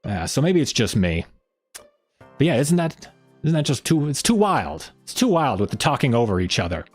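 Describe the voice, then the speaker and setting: A man's voice: normal speed, slightly rough, soft background music. A man hosting a casual live-stream chat, rambling along with plenty of fillers and restarts. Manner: lively pitch swings when joking. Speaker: host.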